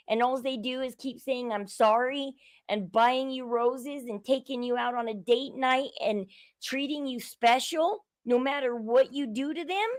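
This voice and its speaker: A woman's voice: high-pitched, no room sound. A woman hosting her own show, giving indignant, opinionated commentary on a reality show and repeating herself as she builds each point. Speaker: show host.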